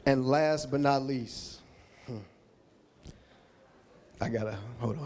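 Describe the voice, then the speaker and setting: A man's voice: mid-range voice, slow pace, long pauses, a little mellow. A man at an awards podium, speaking in a mid-range voice. His speech is heartfelt and loose, full of restarts as he moves from one thank-you to the next. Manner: emotional, rambling, thanking people one by one. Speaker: Hall of Fame inductee giving an acceptance speech.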